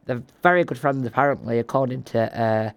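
A man's voice: medium pitch, a little fast, no echo, natural voice. A man voicing an eager traffic reporter called Sam in a comic radio sketch. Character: upbeat male traffic reporter.

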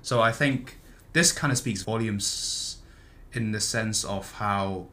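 A man's voice: on the low side, takes it slowly, pushed and bright. A man in casual chat about a book, hesitant and thinking aloud as he talks. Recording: faint background noise.

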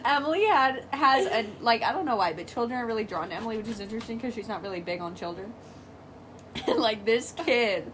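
A woman's voice: fairly high pitch, expressive, brisk. A woman co-hosting a podcast in casual chat, trading wry quips and telling stories with laughter. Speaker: podcast co-host. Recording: clear background noise.

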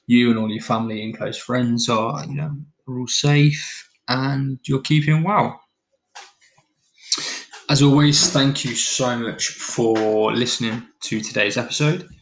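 A man's voice: mid-range voice, slight background noise, low-quality recording. A man hosting a fitness podcast, talking casually and jokily, then reading a parable aloud. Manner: jokey, chatty, relaxed. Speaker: podcast host.

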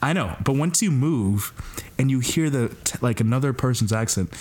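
Young canadian guy hosting a podcast, jokey and animated, mid-pitched voice. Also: normal speed. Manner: joking, animated storyteller. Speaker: podcast host. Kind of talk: casual podcast chat.

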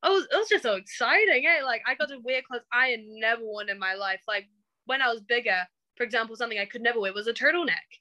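Casting: chatty young woman, fairly high, forceful bright tone, interview guest. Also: lively intonation, fast, rough recording. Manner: chatty, acts out quoted remarks. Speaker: coaching client. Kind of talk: casual interview.

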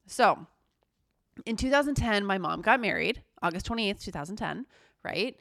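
A woman's voice: medium pitch, expressive, moderate pace, gravelly, a bit bright, dry recording, clean studio sound. A woman in her thirties co-hosting a podcast, telling personal stories in casual chat and swearing often. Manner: storytelling, frequent swearing. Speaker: podcast co-host.

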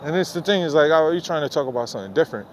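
A man's voice: on the high side, animated, rapid-fire, a little hiss or hum. A man hosting a podcast, delivering an unfiltered late-night rant outdoors into a phone headset, rambling, profane and exasperated. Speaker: podcast host. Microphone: phone with headphones.

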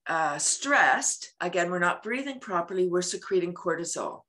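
A woman's voice: fairly low pitch, lively intonation, moderate pace, sharp tone. A woman guest talking about laughter yoga in an interview, acting out everyday scenes and laughing often. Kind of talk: casual interview talk.

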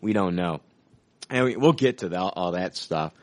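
Excitable man, dry close sound. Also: deep voice, normal speed, dry recording. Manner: excited, swears casually. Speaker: podcast co-host. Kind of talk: casual film discussion.

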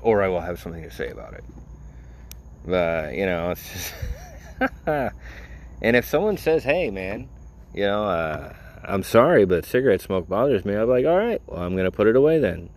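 A man's voice: on the low side, big pitch swings, moderate pace, darkish tone, slight background noise. A man in a casual vlog, rambling and sarcastic, full of "you know" as he tells a story. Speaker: vlogger. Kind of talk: casual rant.

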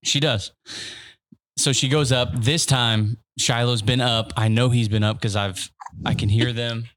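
A man's voice: mid-range voice, a little slow, a little hiss or hum. A man in his thirties co-hosting a casual podcast, telling a parenting story with acted-out quotes and frequent laughter. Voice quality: animated storyteller, acts out quotes, laughs often. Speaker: podcast co-host. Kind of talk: casual chat.

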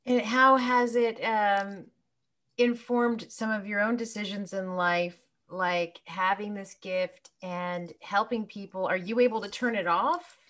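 A woman with a mid-range voice hosts an interview. She asks loose, friendly questions and often pauses with fillers as she gathers her thoughts. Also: medium pitch, steady tone, a bit bright. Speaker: interviewer host. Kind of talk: casual interview.

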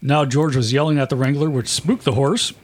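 Mid-pitched man telling wry anecdotes. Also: a little fast. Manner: relaxed, wry, mimics people in anecdotes. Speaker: podcast host. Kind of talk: casual storytelling chat.

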